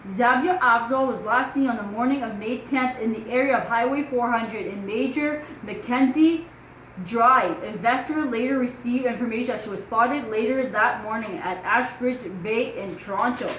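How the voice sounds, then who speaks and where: French-accented woman, true crime vlogger, high voice, casual and questioning, faint room hum. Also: normal speed, roomy sound, poor audio. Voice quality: animated, wondering aloud with rhetorical questions. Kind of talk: casual true crime commentary, reading news aloud.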